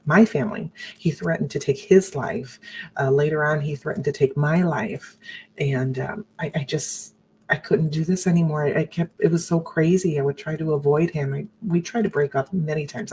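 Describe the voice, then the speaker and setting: A woman with a low-pitched voice recounts her own past in a personal broadcast. She speaks earnestly and haltingly, often breaking off and restarting, and mimics the people she quotes. A faint background hiss sits under her voice. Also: darkish tone, low-quality recording. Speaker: abuse survivor sharing her story.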